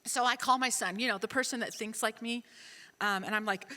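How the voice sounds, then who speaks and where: A middle-aged woman on a conference panel, telling a story in an animated, self-mocking way and acting out the dialogue. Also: a little high, fairly quick, long reverb tail. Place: large conference hall.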